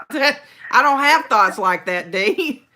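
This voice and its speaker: A woman from Texas, chatting as a host. Her voice is bright and lively, and she acts out other people's lines as she tells stories. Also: fairly high pitch, slight background noise. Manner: animated storyteller, acts out quotes. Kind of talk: casual chat.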